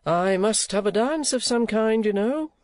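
A man voicing an anxious, eager male actor who sounds high and pleading. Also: lively intonation, a little slow, no echo.

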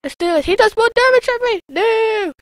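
A woman commenting on her own gameplay in a let's play, excitable and shouting taunts at enemies. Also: very high-pitched, normal speed, dry recording, low-quality recording. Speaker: gamer.

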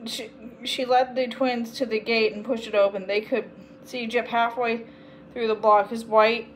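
Woman reader, children's book, slightly high voice, faint hum behind. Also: a little slow, low-quality recording. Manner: steady reading with small slips and self-corrections. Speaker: storyteller. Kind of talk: reading a children's chapter book aloud.

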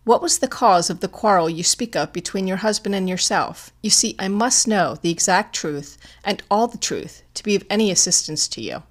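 A woman voicing a calm, shrewd young society girl detective who asks gentle, probing questions. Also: mid-range voice, normal speed, few pauses, lightly acted.

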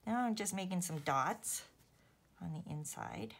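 Speaking in a fairly low, creaky voice with a sing-song lilt, the host talks a little slowly. She's a woman from Canada making cards on her crafting vlog, joking at her own expense with viewers and sometimes muttering to herself.

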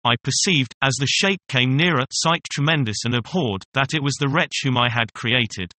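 A male audiobook narrator reads a classic novel aloud in scripted first-person narration. His mid-range voice keeps a measured, even storytelling manner, with no room sound in the recording.

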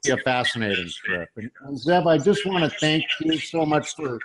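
A man's voice: on the high side, sing-song, a little fast, crowd noise, poor audio. A man hosting a talk show, enthusiastic and stumbling over his words as he wraps up and announces events. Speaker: host.

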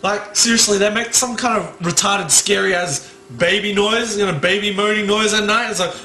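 A young man doing stand-up, telling a story with loud bursts of fake panic and lots of swearing, without a microphone. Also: sits high, steady tone, moderate pace. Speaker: stand-up comedian. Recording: echoey room, no mic.

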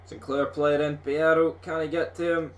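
Here a young Scot hosting a gaming video reacts live to play with plenty of swearing, loud and worked up like a football fan. His pitch runs fairly high and his pace is moderate.

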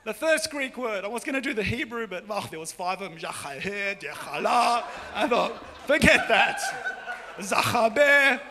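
A man with an Australian accent preaching a lively, joking sermon as pastor, often shouting, in a large church hall. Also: high-pitched, fairly quick, hardly any pauses. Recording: long church hall reverb.

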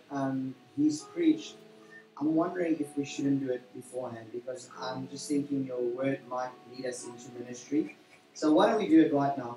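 Male pastor leading a service, rambling and full of fillers, mid-pitched voice, heard from a distance in an echoey hall. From South Africa. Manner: warm, rambling, with frequent fillers and self-corrections. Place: church hall during a service. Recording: roomy church hall from a distance, faint music.

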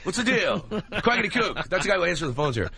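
A man, a comedian guest in a radio studio, talking rapid-fire and jumping between silly impressions. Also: high-pitched, sing-song, vocal fry, sharp tone, husky.

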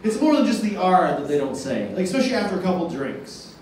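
A young male comedian works a club stage with deadpan one-liners, leaving long pauses between them. His pitch swoops and lifts, and he sits a bit high for a man. The sound is distant and very roomy, with steady club noise underneath. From Boston area. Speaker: stand-up comedian. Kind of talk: stand-up set. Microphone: handheld stage mic. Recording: echoey club from afar.

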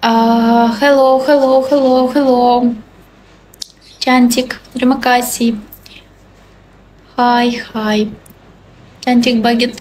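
Cheerful belarusian girl in her 20s live on her phone, slow easy talk, a bit high. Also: a little mellow, slight background noise, low-quality recording. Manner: cheerful, repeats greetings, broken English with Indonesian words. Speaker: livestreamer. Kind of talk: casual live-stream chat reading comments.

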